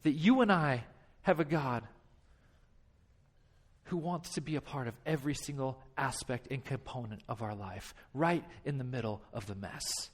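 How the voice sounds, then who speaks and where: A man's voice: mid-range voice, normal speed. A pastor in his thirties preaching a sermon, with impassioned, repetitive phrasing and acted-out dialogue.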